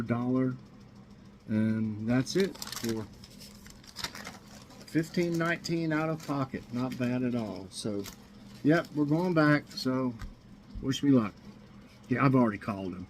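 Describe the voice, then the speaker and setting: A man's voice: mid-range voice, darkish tone, low-quality recording. Rambling Southern man with faint hiss. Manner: rambling, chatty, listing prices with fillers. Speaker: vlogger. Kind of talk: casual grocery haul chat.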